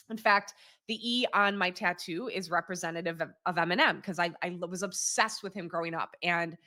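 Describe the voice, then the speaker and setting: Woman, 30s, host, bright and forceful voice, candid storyteller who laughs easily. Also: medium pitch. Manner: lively, candid, laughs often, swears freely. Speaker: podcast host. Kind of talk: casual storytelling monologue.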